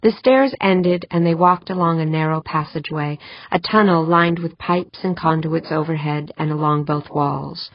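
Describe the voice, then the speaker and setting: Low-voiced woman narrating a novel. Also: fairly even intonation, normal speed, dry recording, muffled recording. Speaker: audiobook narrator. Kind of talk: scripted narration.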